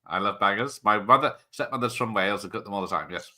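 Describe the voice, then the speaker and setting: Jokey host, slightly low voice with a bright edge, rambles happily through live commentary. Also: male voice, fast. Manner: chatty, joking, rambling tangents. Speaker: watch party host. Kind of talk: casual live-stream commentary.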